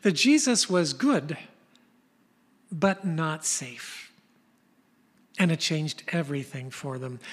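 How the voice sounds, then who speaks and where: An older man preaching a sermon, telling stories in an animated way and dropping to a whisper for emphasis. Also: on the high side, husky. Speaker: pastor. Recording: long reverb of a large hall.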